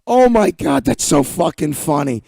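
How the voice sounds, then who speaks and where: A male podcast host with a high, gravelly voice who talks in lively, profane bursts. His tone is mellow and the sound is dry and close. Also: normal speed, dry recording. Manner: animated, laughs easily, swears a lot. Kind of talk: casual chat.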